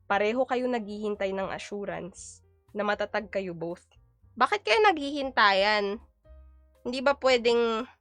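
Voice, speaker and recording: A woman's voice: mid-range voice, fairly bright tone, no echo. A young woman from the Philippines with a Filipino accent, chatting on a live stream while she cooks, reading viewers' comments aloud and switching between Tagalog and English. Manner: chatty, reads chat aloud and answers viewers. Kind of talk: casual live-stream chat while cooking. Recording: dry close sound with faint background music.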